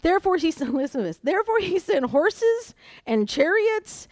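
A woman preaching at a conference, reading a Bible story aloud with lively asides and dramatized quotes. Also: very high voice, normal speed, no echo. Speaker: conference speaker. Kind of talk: sermon with scripture reading.

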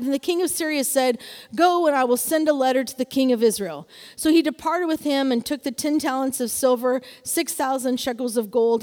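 High-voiced woman preaching in a hall. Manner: expressive, calls for congregation responses. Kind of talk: sermon with scripture reading.

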